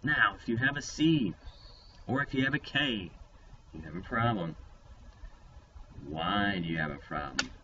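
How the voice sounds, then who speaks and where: A man teaches a phonics lesson to young children, playful and upbeat, his voice lively and bright with a slightly low pitch. He sounds somewhat away from the mic, and the recording is dull and lo-fi with a faint hiss behind it. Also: a little slow, long pauses, far from the mic.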